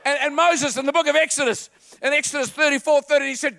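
A man preaching a lively sermon to a congregation, quoting film lines and getting the crowd to repeat after him. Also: very high-pitched, brisk, creaky, no echo. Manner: animated, quotes film lines and calls on the congregation.

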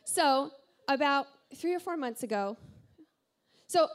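Woman preacher w/ a high voice, chatty and jokey, laughs at herself a lot, talking to her church. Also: slow pace, noisy background. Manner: animated, self-deprecating storyteller who laughs often. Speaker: pastor. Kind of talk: sermon with personal storytelling. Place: church service before a congregation.

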